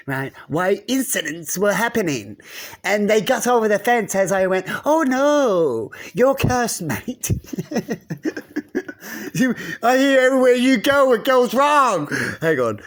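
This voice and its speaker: A man vlogging in a casual, rambling monologue, musing aloud and asking rhetorical questions. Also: on the high side.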